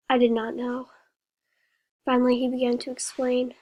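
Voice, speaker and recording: A woman reading a horror story aloud in a slow, even way, with a few slips. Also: a little high, rough recording.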